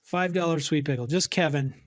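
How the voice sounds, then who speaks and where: A man co-hosting a casual comedy podcast, delivering dry, deadpan jokes. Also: a little high, no room sound. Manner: dry, deadpan jokes, drawn-out name reading. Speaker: podcast co-host. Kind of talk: casual chat.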